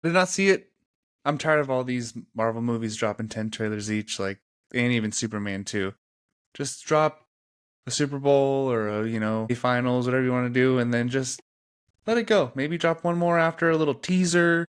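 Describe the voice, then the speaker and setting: Podcast guest, male, mid-pitched, easygoing slangy talker. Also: clear, resonant tone. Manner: laid-back, slangy, quick to laugh. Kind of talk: casual chat.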